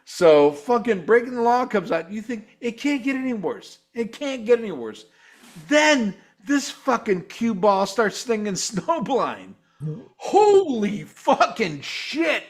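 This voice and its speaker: A man with a high-pitched speaking voice hosts a live talk show and reviews a concert in a profane rant. He sounds exasperated and swears in nearly every line, and he breaks into loud mocking imitations of singers and guitars. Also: big pitch swings, slow. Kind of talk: profane ranting commentary.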